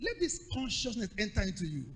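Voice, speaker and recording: A man's voice: sits high, big pitch swings, brisk, fairly bright tone, slightly rough, big-room sound. A man preaching a sermon with rhythmic call-and-response repetition and emphatic delivery.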